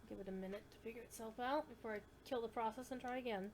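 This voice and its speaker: A woman's voice: fairly high pitch, rapid-fire. A woman streaming a game, chatting casually and cooing at her kitten while the game loads. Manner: coos and baby-talks to a kitten between game remarks. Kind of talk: casual gameplay stream chat. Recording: faint background noise.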